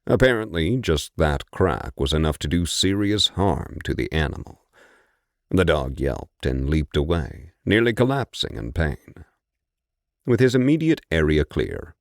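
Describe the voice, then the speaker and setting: A male audiobook narrator with a deep, low-set voice that moves a lot in pitch as he tells the story. He reads in a measured, expressive way, and the recording is close and dry. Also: dry recording. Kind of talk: scripted narration.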